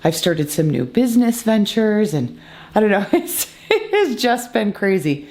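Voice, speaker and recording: A woman's voice: medium pitch, sing-song, a little slow, darkish tone. A woman in her forties from the United States, chatting casually to the camera in her kitchen as a family vlogger, rambling with lots of fillers and self-corrections. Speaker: family vlogger and homeschooling mother.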